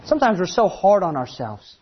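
A man preaching a sermon, animated, acting out the voices he quotes. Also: high-pitched, fairly quick, slightly rough, highs cut off.

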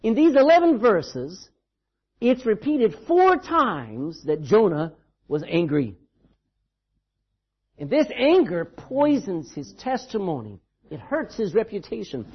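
Emphatic preacher man, husky and lively. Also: high voice, takes it slowly, highs cut off. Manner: emphatic, dramatic storytelling preacher. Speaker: pastor. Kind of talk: sermon. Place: church.

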